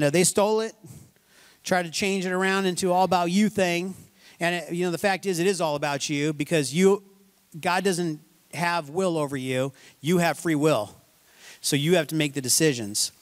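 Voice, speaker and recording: A man's voice: high voice, fairly even intonation, normal speed. A man preaching a sermon as pastor, emphatic and folksy, repeating words for stress.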